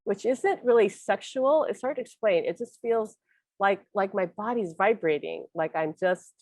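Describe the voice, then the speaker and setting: A woman's voice: mid-range voice, moderate pace, a little mellow, no room sound. A middle-aged woman hosting a casual spiritual chat, talking earnestly and rambling with restarts. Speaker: host.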